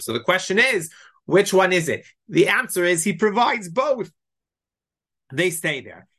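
A man teaching a Bible lesson, lively and explanatory, reading Hebrew verses and explaining them in English. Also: high voice, unhurried. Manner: animated, mixes Hebrew quotes with English explanation. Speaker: Torah teacher.

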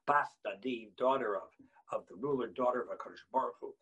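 A man teaching a Torah lesson as a rabbi, impassioned, swinging between quiet explanation and loud bursts. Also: mid-range voice, fast talker, breathy edge, low-quality recording.

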